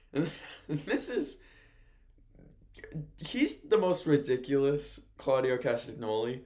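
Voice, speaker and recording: A radio host and play-by-play announcer loosely chats through a sports recap, rambling, chuckling often and correcting himself. His voice is medium-pitched and a little mellow.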